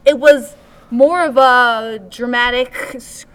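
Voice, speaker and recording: A young woman co-hosting a casual podcast, quick to interrupt and eager to wrap things up. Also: on the high side, fairly even intonation, smooth, low-quality recording. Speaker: podcast co-host. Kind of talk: casual chat.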